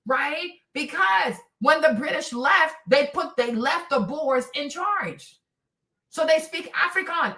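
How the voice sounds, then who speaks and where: High, bright-voiced woman ranting. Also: roomy sound, far from the mic. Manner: impassioned, profane, rambling. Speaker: host. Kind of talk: livestream commentary.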